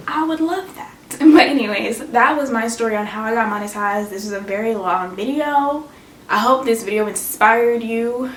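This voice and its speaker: A woman talking casually to her viewers as a YouTuber, earnest and encouraging, chatty with fillers. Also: mid-range voice. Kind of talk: casual vlog talk. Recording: roomy, slightly distant with faint noise.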